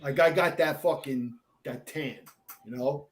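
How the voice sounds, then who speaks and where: A man in his sixties, a veteran fire captain, telling war stories as a podcast guest in a lively, profane way. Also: medium pitch, a little slow. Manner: animated, profane storyteller. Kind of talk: casual storytelling in an interview.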